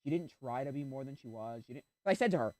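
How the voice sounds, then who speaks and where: A man with a mid-range voice talks fast while streaming a game. His casual chat rambles in an animated way, and he keeps cutting himself off to react to the play.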